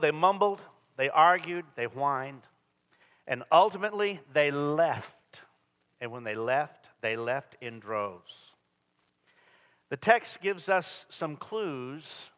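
A man's voice: fairly high pitch, fairly bright tone. A man preaching a Sunday sermon, earnest and repetitive with dry humor, in a church. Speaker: pastor. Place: church sanctuary. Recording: long hall reverb.

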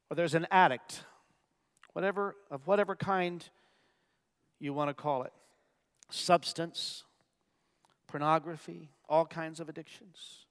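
A man preaching a sermon, swinging from loud, emphatic bursts to hushed, near-whispered lines. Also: a little high, steady tone, unhurried, long pauses, clear, resonant tone, in a large hall. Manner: acts out gasps for effect. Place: church.

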